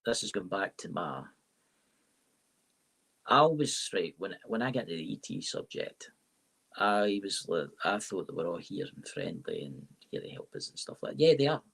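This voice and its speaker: Gravelly Scottish man rambling eagerly. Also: low-pitched, normal speed. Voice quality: gravelly, husky. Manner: rambling, animated, says "right?" often. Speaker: guest tarot reader and paranormal podcaster. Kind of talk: casual live-stream interview. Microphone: live-stream mic.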